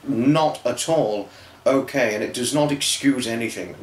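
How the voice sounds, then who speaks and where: Young man, tearful, earnest, rambling vlog monologue, mid pitch, roomy echo. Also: unhurried. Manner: earnest, rambling, with many restarts. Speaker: fan vlogger.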